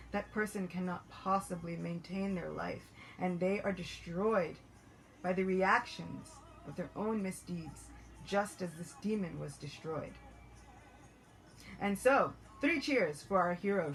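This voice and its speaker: A woman narrating a devotional story in an animated, expressive way. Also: on the low side, unhurried, gravelly, soft background music, low-quality recording.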